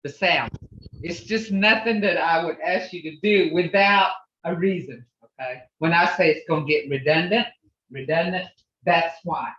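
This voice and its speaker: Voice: mid-range voice, normal speed, a bit bright, echoey room. A teacher leading an online language class, patiently drilling words syllable by syllable and reassuring the students. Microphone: video call. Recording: dull video-call audio.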